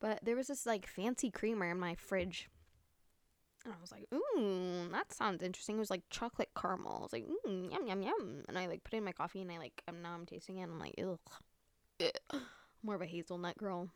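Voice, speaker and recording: Young woman, podcast host, chatty and rambling, clear voice, dry close sound. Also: lowish voice, fast talker, no room sound. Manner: rambling, filler-heavy, swears casually. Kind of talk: casual solo podcast chat. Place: room at home with window open.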